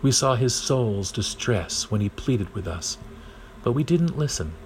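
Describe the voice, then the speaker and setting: A man's voice: medium pitch, lively intonation, a little slow, a little mellow, slight background noise, poor audio. A man voicing a group of guilt-stricken grown brothers, earnest and pleading in a storybook reading. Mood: remorseful.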